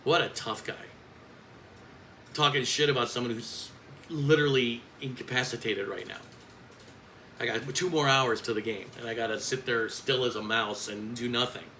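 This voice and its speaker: A man's voice: mid-range voice, moderate pace, sharp tone, a little hiss or hum, low-quality recording. A man who works as a coach, speaking in a bitter, blunt and profane vlog rant.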